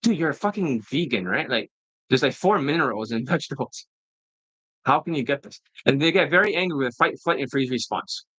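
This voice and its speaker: A man's voice: medium pitch, lively intonation, fairly quick, a bit bright, husky, no room sound, rough recording. A middle-aged man giving a blunt, profane coaching rant, often tossing in "right?". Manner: keeps asking "right?" to prompt agreement. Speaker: dating coach. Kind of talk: ranting coaching monologue.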